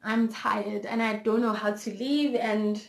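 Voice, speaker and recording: A woman's voice: medium pitch, steady tone, measured pace, gravelly. A young woman with a South African accent from Zulu country, telling a candid, emotional storytime in her vlog and mixing English with Zulu. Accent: South African, Zulu-inflected. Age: young adult. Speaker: vlogger. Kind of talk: personal storytime. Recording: roomy echo.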